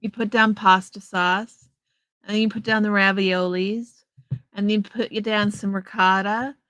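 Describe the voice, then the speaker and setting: Slow, chatty woman livestream host. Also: mid-range voice, fairly even intonation, fairly bright tone, smooth, no echo, low-quality recording. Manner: chatty, reads and answers viewers' messages by name. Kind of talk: casual livestream chat. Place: home, in front of a green screen. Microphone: headset earpiece.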